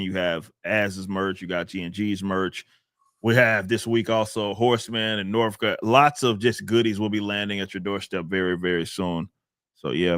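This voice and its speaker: A man's voice: low-pitched, fairly bright tone, clean tone, dry recording, studio quality. A man hosting a casual podcast, laid-back and chatty as he reads out and thanks supporters. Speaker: podcast host reading donations.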